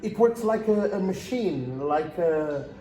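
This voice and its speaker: A male journalist with a Portuguese accent asks his questions slowly, pausing to find English words. His voice sits a bit high but sounds mellow. The room around him is echoey. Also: animated, faint music behind. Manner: slow, searching for words, many "uh"s. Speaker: journalist interviewer. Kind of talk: interview questions.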